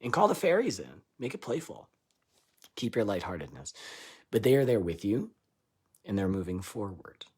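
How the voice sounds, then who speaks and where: Husky, low-pitched man; live spiritual channeler, irreverent and laughing, booming lines and muttered asides. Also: sing-song, moderate pace, pauses often. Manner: loose and irreverent, swearing and laughing between lines; swings between loud declarations and quiet asides.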